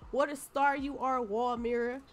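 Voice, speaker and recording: A woman's voice: high voice, fairly even intonation, moderate pace. Sassy young woman commenting on gameplay. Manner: sassy, playful, voices her game characters. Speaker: gaming YouTuber.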